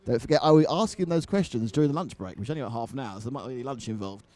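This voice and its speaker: A man's voice: medium pitch, expressive, racing, dark tone. A man commentating live on a model car race, mixing race calls with jokey banter.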